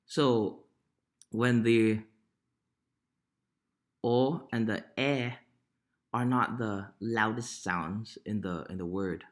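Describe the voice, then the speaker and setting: A man, teaching vowel sounds in a casual, unhurried way and often asking "right?". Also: lowish voice. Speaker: language teacher. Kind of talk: casual pronunciation lesson.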